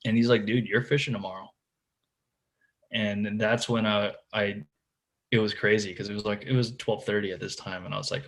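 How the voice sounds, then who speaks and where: At a moderate pace, a man with a fairly low pitch and fairly even intonation casually shares a tournament fishing story as a podcast guest. He fills it with "like" and "dude," frequently restarting sentences and repeating words.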